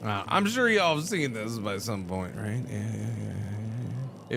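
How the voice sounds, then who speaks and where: A man with a lowish voice streams a game live and talks loosely to his chat. He rambles, stammers and repeats himself as he answers messages. Game music plays clearly underneath. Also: expressive, unhurried.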